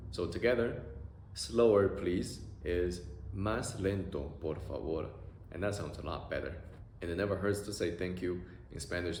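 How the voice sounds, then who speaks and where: A man teaching beginner Spanish phrases, drilling pronunciation with slow, drawn-out vowel sounds. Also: deep voice, darkish tone. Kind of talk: beginner language lesson. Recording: echoey room with faint noise.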